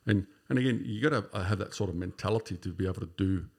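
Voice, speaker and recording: A deep, gravelly man in his fifties, chatting as a podcast guest. His voice is a bit husky. He swears often and keeps checking in with "right?" while he tells a story. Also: fast, darkish tone. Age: 50s. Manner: swears freely, ends lines with "right?". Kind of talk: casual storytelling chat.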